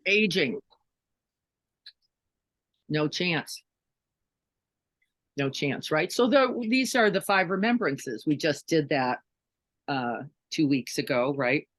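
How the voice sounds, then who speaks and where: A woman's voice: sits low, lively intonation, takes it slowly, pauses often, dry recording, rough recording. A woman giving a conversational dharma talk as a meditation teacher, often checking in with listeners with questions and "right?". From Chicago, United States.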